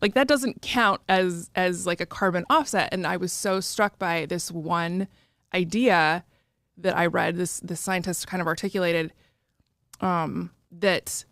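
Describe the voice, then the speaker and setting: A woman's voice: lowish voice, measured pace, fairly bright tone, no echo. A woman with an American accent, a guest on a talk show, speaking earnestly and often saying "like". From United States. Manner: earnest, says "like" a lot. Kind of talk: casual conversation.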